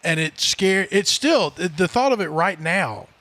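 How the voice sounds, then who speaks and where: A man co-hosting a podcast in casual chat, telling stories and acting out the quotes with sudden jumps in pitch. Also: lively intonation, measured pace, fairly bright tone. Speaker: podcast co-host. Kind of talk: casual chat, animated storytelling.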